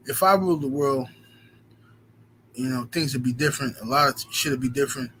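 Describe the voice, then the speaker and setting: A man's voice: fairly high pitch, fairly quick, slight background noise. Profane, rambling livestream host man. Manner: profane, rambling, animated storytelling. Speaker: livestream host reading super chats. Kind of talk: casual livestream chat.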